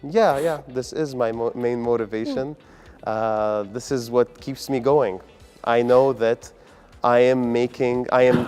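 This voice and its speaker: A man's voice: mid-range voice, a little mellow. A man from the UAE, a comedian answering interview questions in an upbeat, earnest way. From United Arab Emirates. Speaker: comedian and guest.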